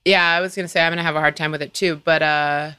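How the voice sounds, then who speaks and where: A woman's voice: low-pitched, fairly even intonation, fast, bright, forceful tone, clean tone, dry recording. A woman in her thirties co-hosting a podcast, chatting casually and thinking aloud with plenty of restarts. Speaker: podcast co-host. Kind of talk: casual chat.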